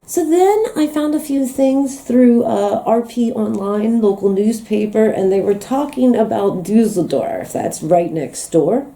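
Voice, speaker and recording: A woman's voice: on the high side, a little slow, gravelly, hardly any pauses, warm tone. An American woman, a young adult, talking casually in a vlog as she reads out phrases and reacts to them with amused disbelief. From United States. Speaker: vlogger. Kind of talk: casual language-learning vlog.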